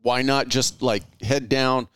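A man hosting an interview and asking his guest direct, measured questions. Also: medium pitch, steady tone, a bit bright, smooth, no echo, studio quality. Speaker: podcast host.

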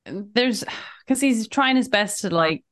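A woman's voice: medium pitch, lively intonation, takes it slowly, a bit bright. A woman from Northern Ireland co-hosting a podcast in casual chat, agreeable and laughing often. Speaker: podcast co-host.

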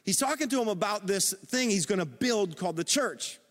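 A middle-aged man preaching a sermon as pastor, animated and calling on the congregation to respond. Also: high-pitched, a little fast. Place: church auditorium. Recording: long reverb of a large hall.

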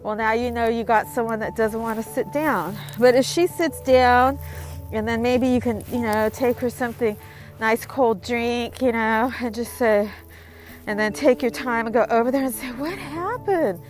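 A woman's voice: on the high side, steady tone, normal speed, soft background music. A woman giving casual advice in a rambling, conversational monologue full of fillers.

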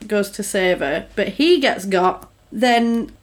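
A woman's voice: medium pitch, slow pace. A woman in casual chat, animatedly retelling a film plot and slipping into quoted lines.

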